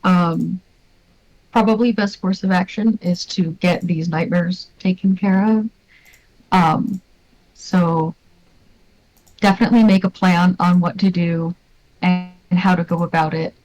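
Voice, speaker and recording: A woman's voice: fairly low pitch, fairly even intonation, measured pace, long pauses, a little mellow, dull audio. A woman playing a tabletop game, talking hesitantly with many ums and stammers. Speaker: player. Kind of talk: casual tabletop game chat.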